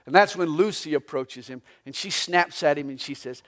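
High-voiced male pastor preaching. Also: normal speed, hardly any pauses, fairly bright tone. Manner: storytelling with jokes and anecdotes. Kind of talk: sermon. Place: church sanctuary during a live service.

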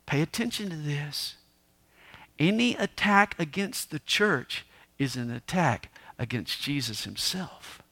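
A man preaching a sermon, moving between booming emphasis and hushed, quiet asides as he tells the story. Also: animated, takes it slowly. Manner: dramatic preaching, swings from loud to hushed. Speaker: pastor.

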